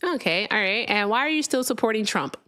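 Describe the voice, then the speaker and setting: A woman's voice: on the high side, lively intonation, fairly quick, fairly bright tone, smooth. A woman hosting a live call-in stream, brash and teasing, laughing often. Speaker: livestream host. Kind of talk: casual live call-in chat.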